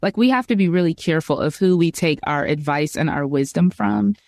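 A woman's voice: deep voice, fairly quick, creaky, a little mellow, no room sound, clean studio sound. A woman who works as a marriage coach, a guest on a podcast, speaking earnestly and in a teaching way. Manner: earnest, instructive, quotes others. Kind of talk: casual Christian podcast interview.

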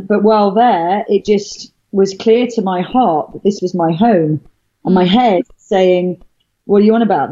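This is a middle-aged woman from Wales with a lowish, dark voice, chatting casually as a guest about her own story. The account meanders with many fillers and restarts, and the sound is dull and lo-fi.

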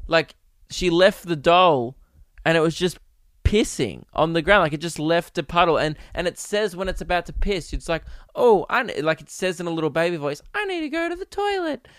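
A man's voice: a little high, brisk, a bit bright, dry recording, studio quality. A young man hosting a solo podcast, telling rambling, profane comic stories in a casual chat. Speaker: podcast host. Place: home podcast setup.

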